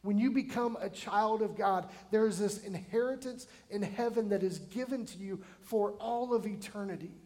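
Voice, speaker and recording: High-voiced pastor preaching conversationally. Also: male voice, moderate pace, few pauses, darkish tone. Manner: conversational preaching, asks the congregation questions, emphatic bursts. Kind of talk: sermon. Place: church sanctuary.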